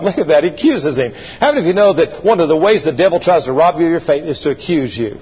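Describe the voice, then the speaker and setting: Male pastor, husky and fairly high, preaching in a reverberant church on a muffled recording. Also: lively intonation, fast, hardly any pauses. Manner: preachy, rising to fervent calls and call-and-response. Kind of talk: sermon. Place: church sanctuary. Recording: dull lo-fi sound in a long-reverb hall.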